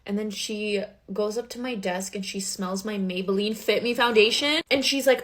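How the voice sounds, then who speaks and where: A young woman in a casual storytime, filling her talk with "like" as she goes. She retells things in an animated, dramatic way at a middle pitch. Her voice is neither high nor low. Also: normal speed, hardly any pauses. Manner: chatty, lots of "like" fillers.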